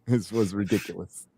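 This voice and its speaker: A man's voice: on the low side, a little mellow, a little hiss or hum. A man hosting a casual panel chat, reading viewer donations aloud in a rambling way, with fillers and self-corrections.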